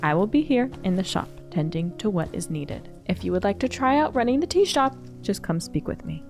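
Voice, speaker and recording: A woman voicing a gentle, unhurried tea shop keeper in a video game, speaking formally and coaxing someone to rest. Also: medium pitch, very animated, soft background music.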